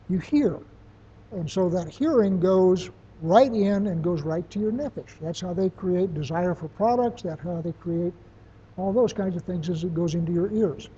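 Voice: mid-range voice, warm tone, husky, muffled recording. A teacher giving a classroom lecture, talking plainly and using everyday examples.

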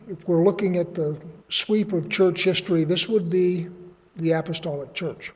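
High-voiced man preaching in an echoing hall. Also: darkish tone. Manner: conversational teaching, folksy asides. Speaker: pastor. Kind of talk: sermon with scripture reading. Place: church hall. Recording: dull sound in a long-echo hall.

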